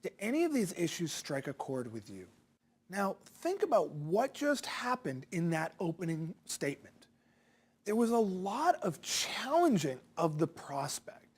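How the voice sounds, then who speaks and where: A man's voice: sits high, wildly swooping pitch, a little slow, breathy edge. A man coaching salespeople in a direct-to-camera lesson, punchy and challenging, asking rhetorical questions.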